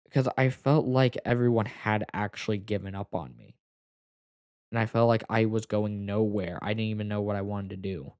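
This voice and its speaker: A young man telling a personal story to the camera, halting and full of fillers, close to tears at times. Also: on the low side, fairly even intonation, a little mellow, clean tone, no room sound. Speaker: vlogger.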